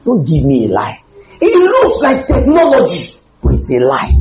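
A man preaching a humorous, animated sermon with sudden loud outbursts. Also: extremely high pitch, normal speed, roomy sound, lo-fi sound.

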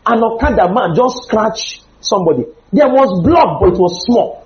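A man preaching a humorous, animated sermon with sudden loud outbursts. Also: high voice, moderate pace, roomy sound, lo-fi sound.

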